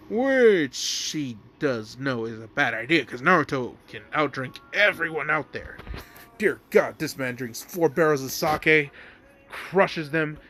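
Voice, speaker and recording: A man's voice: mid-range voice, pushed and bright, slight background noise. A man casually telling a fan-made story, rambling with lots of fillers and asides. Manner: rambling, filler-heavy, amused.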